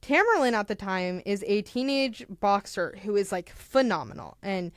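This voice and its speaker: A young woman tells a true crime story to a friend in loose, lively podcast chat. She acts out quotes and leans on "like" as she goes, her voice mid-pitched and recorded dry and close. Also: moderate pace, no echo. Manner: animated, acts out quotes, filler "like". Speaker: podcast co-host retelling a true crime case.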